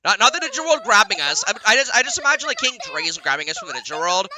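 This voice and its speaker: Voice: medium pitch, very animated, rapid-fire, crowd noise. A gaming streamer chatting casually over gameplay, laughing a lot and filling sentences with "like". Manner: chatty, laughs often, heavy use of "like". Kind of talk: casual let's-play commentary. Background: game music.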